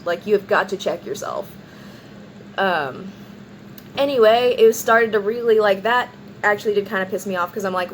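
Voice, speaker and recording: A woman in a casual vlog retells a wild night, rambling and animated, with "like" in nearly every sentence as she slips into other people's lines. Her pitch sits in the middle of the range, and faint background noise hums under the recording. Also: poor audio. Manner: rambling, animated retelling with many "like"s and acted-out quotes. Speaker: vlogger.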